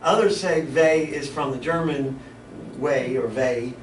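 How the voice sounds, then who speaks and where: Bible teacher talking in an echoey room. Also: male voice, mid-range voice, unhurried, recorded from a distance. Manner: conversational, stops and restarts often. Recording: echoey room, mic from afar, background noise.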